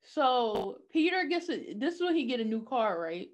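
A young woman with a fairly high voice chats casually with a friend about a show. She is animated, laughs often and slips into quick impressions of the characters. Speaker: podcast co-host. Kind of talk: casual chat recapping a TV show.

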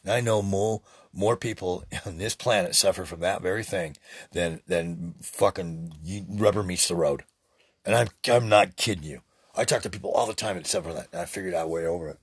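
A man's voice: low-pitched, brisk, breathy edge, no echo, clean studio sound. A man in his sixties preaching in a rambling, profane spiritual monologue as a podcast host. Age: 60s.

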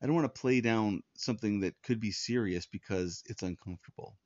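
A low-pitched man delivers an earnest, conversational sermon and often circles back to restart his sentences. The sound is dry and close, with a slightly dull, lo-fi tone. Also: brisk, darkish tone, no room sound. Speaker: pastor.

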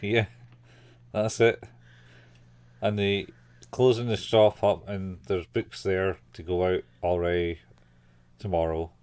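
Lower-voiced man, laughing co-host. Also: level tone, takes it slowly, pauses often, darkish tone, clear, resonant tone. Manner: laughs often, acts out lines in a high, squeaky voice. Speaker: podcast co-host. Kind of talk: casual chat reviewing an anime.

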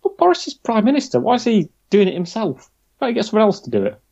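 A man's voice: high-pitched, wildly swooping pitch, fast talker, gravelly, darkish tone. A man co-hosting a casual news chat, wry and chatty. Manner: chatty, wry, drifts into mock quotes. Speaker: podcast co-host. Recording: dull lo-fi sound.

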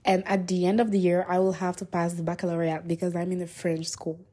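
Excitable teen girl from niger chatting on her podcast, lowish mellow voice. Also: quick pace. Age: teens. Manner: chatty and excitable, with self-conscious asides. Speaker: podcast host. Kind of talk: casual solo podcast talk.

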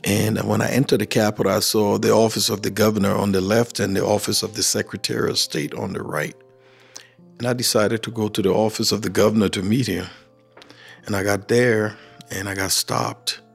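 A middle-aged Liberian man with a Liberian accent tells his life story, his voice on the low side, brisk, with vocal fry and a breathy edge. He's an animated storyteller who acts out the dialogue he quotes. Faint music plays in the background.

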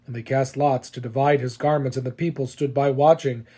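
A man giving a steady, solemn liturgical scripture reading. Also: mid-range voice, a little fast, hardly any pauses, breathy edge. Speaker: scripture reader.

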